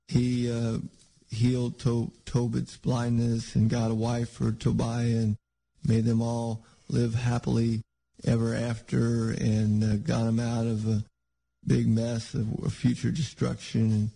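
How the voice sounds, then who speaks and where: Gravelly, husky male preacher. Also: mid-range voice, monotone, slow, warm tone, low-quality recording. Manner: conversational, rambling, with frequent restarts. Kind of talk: sermon.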